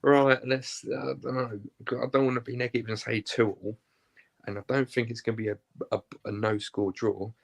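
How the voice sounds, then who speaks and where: A man on a football chat panel, jokey and hesitant, thinking his predictions through out loud. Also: mid-range voice, level tone, brisk, creaky. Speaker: regular panelist.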